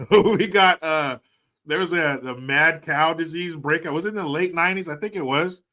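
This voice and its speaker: A man's voice: fairly high pitch, moderate pace, bright, forceful tone. A man in his forties hosting a live stream, casually chatting and reading out viewer comments in a jokey, profane way, laughing often. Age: 40s.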